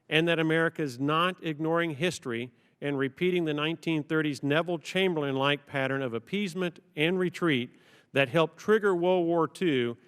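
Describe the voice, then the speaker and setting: A man, a congressman, questioning a witness at a hearing, deliberately reading out prepared quotations with emphasis. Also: a little high, smooth. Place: large hearing room. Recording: long reverb from a large hall.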